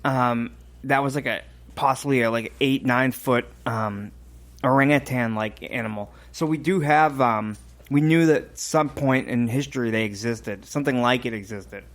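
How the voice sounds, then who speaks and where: A man's voice: medium pitch, normal speed. A man co-hosting a podcast, explaining things in casual chat with many fillers. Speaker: podcast co-host.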